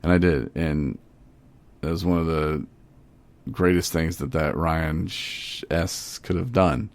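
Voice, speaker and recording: A man's voice: extremely low pitch, fairly even intonation, unhurried, a little mellow. A man hosting a podcast, telling stories in a rambling, laid-back, casual way. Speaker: podcast host.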